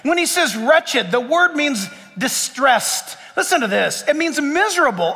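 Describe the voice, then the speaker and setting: A man preaching a sermon as pastor, emphatic, surging to loud peaks and then sinking low and quiet. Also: very animated, unhurried. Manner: emphatic, rising to near-shouts then dropping low. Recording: long hall reverb.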